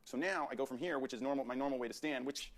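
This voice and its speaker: A man teaching portrait posing in his photo studio, directing a subject with energetic, repetitive coaching. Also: mid-range voice. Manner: rapid, energetic coaching with frequent restarts and repeats.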